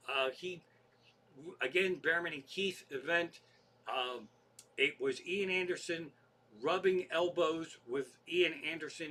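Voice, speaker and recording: A comedian telling rambling, profane anecdotes in a casual monologue. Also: male voice, a little high, bright, forceful tone. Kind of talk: storytelling podcast monologue.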